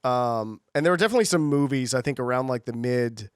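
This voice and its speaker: A man co-hosting a podcast chats casually and rambles, full of fillers and restarts. He's medium-pitched, expressive, quick and smooth, recorded dry at studio quality.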